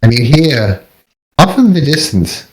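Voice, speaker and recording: Man, game master, slow unhurried narration, hesitant restarts, mid pitch. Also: very animated, poor audio. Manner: halting, full of ums and restarts.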